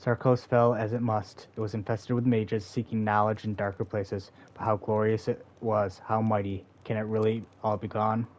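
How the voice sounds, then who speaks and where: A man's voice: lowish voice, flat delivery, normal speed, few pauses, a little mellow, lightly acted. A man reading aloud the lines of a proud, bitter forest seer who is a mother, in a stern, defiant, dismissive manner. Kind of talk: reading game dialogue aloud.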